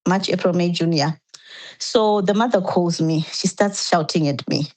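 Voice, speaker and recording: A woman's voice: fairly low pitch, normal speed, a little mellow, low-quality recording. A woman as a podcast guest, earnestly recounting a painful personal story step by step, often restarting her sentences.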